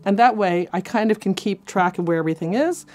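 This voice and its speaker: Speaking a little fast at a medium pitch, a female cello teacher counts out beats and cheers on her students. Cello playing can be heard faintly in the background of the lesson.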